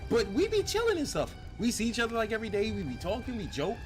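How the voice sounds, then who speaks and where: Animated, profane male streamer. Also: high voice, fast talker. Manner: animated, profane, rambling banter. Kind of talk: casual gaming stream talk. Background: faint game music.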